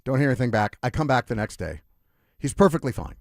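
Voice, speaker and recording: Sports radio guy telling stories, voice all over the place pitch-wise, dry studio mic. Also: fast, creaky, dry recording. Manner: animated storyteller, lively with asides. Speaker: radio sports talk host. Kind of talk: casual radio storytelling.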